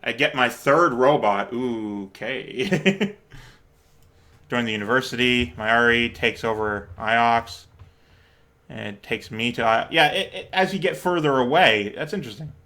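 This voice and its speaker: A man hosts a relaxed game playthrough, chatting to himself and reading dialogue aloud. His voice sits at an ordinary middle pitch, and he talks in a playful, loose way with quick laughs and the occasional mild swear. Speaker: let's play host. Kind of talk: casual gameplay commentary, reading game text aloud.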